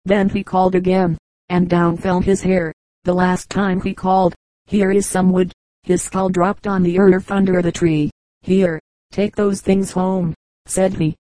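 A woman narrates old folk tales in a calm, measured storytelling voice. Her voice sits low and stays level, with a mellow, unhurried warmth. The recording is close and dry, with no room sound. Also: dry recording, poor audio. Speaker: audiobook reader.

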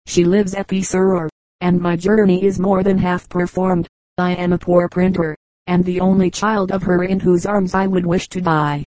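A woman's voice: lowish voice, level tone, moderate pace, dark tone, no echo, lightly acted, poor audio. A woman reading the part of a weak, dying young printer who pleads to be taken aboard, in a storybook reading. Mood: pleading.

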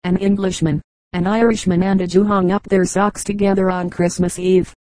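A woman narrates an old book in a measured, orotund reading style. Her voice is low and quite flat, with a mellow, warm tone, and it sounds close and dry. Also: no room sound, rough recording. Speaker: audiobook reader. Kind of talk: audiobook narration.

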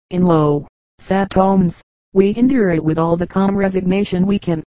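Woman, audiobook narration, mellow dark voice, dry close sound, steady even reading. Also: lowish voice, dry recording, low-quality recording. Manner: steady, even reading of short jokes with dialogue. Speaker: audiobook reader.

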